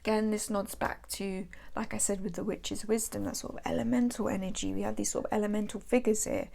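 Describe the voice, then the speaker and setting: A British woman hosts a casual vlog, showing off her tarot decks in a chatty, meandering way. Her voice sits in a middle pitch with a gravelly, creaky edge, and she keeps drifting into playful, self-deprecating asides. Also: steady tone, a little fast, warm tone. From England. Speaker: tarot channel host.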